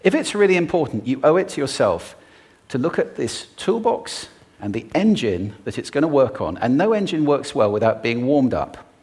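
A man giving a talk on stage to an audience, expressive and playful, demonstrating different ways of using the voice. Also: medium pitch, moderate pace. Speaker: public speaker.

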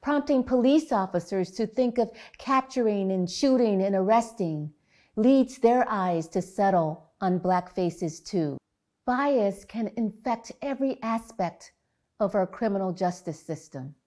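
A woman researcher giving a prepared public talk in a measured, earnest storytelling manner. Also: medium pitch, animated, warm tone.

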